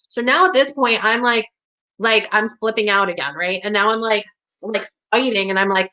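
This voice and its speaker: A woman's voice: a little high, fairly even intonation, moderate pace, pushed and bright, low-quality recording. A woman telling a personal story in a casual, profane way, full of "like". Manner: casual and profane, heavy use of "like".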